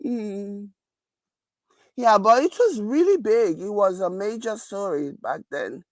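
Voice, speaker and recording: A woman in casual reaction chat who talks in a halting, hesitant way with many restarts. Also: medium pitch, big pitch swings, a little mellow, no room sound.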